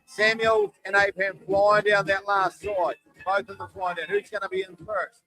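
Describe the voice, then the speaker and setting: A man commentates live, folksy and conversational, his voice sitting high. He sounds worn from a long day. Music plays clearly underneath him. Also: flat delivery, moderate pace, sharp tone, dry recording, rough recording. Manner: chatty, folksy, calls running tallies. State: tired after a long day. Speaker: shearing commentator.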